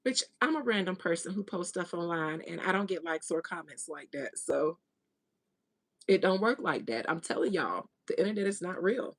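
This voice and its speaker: A woman's voice: fairly low pitch, lively intonation, moderate pace. Blunt, gossipy woman reader. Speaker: tarot reader. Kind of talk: casual monologue, spiritual reading.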